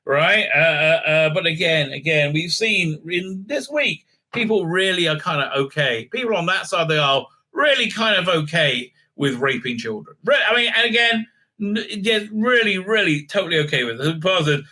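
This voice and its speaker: A man's voice: a little high, lively intonation, normal speed, bright, forceful tone. A man hosting a casual episode recap, talking in a rambling, sarcastic way with many fillers and restarts. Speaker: show host reviewing TV episodes.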